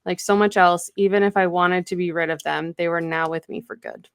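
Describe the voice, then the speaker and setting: A woman's voice: on the low side, steady tone, brisk, clean tone, no echo. A woman co-hosting a podcast, casually retelling a novel's chapters with lots of fillers. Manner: chatty retelling with many fillers and acted quotes. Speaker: podcast co-host. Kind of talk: casual book recap.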